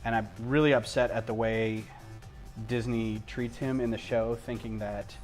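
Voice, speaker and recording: A man's voice: medium pitch, steady tone, normal speed, darkish tone. A man with a mid-range voice chats casually on a home livestream while he builds. He wanders off on tangents and fills gaps with ums and restarts, with faint music playing behind him. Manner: rambling, drifts onto tangents and loses his thread. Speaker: livestream host.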